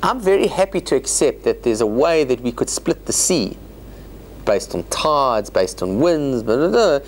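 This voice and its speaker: A man teaching a Torah study class as a rabbi, explaining scripture in an animated way with joking asides. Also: on the high side. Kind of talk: informal Bible lecture.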